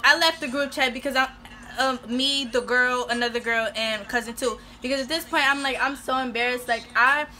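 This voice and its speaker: A young woman vlogger telling a personal story in a casual, animated and emotional way. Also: high voice, fairly quick, a little hiss or hum.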